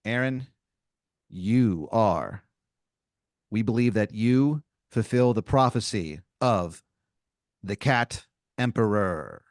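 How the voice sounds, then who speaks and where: Formal alien cat leader, solemn and steady, put on by a man, low and close on a dry mic. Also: slow pace, long pauses, no echo. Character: male robot cat leader, formal, calm.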